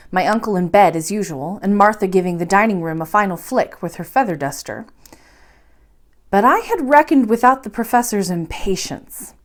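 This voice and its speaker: Expressive woman reading a bedtime story. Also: medium pitch. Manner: expressive, measured narration. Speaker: library storyteller.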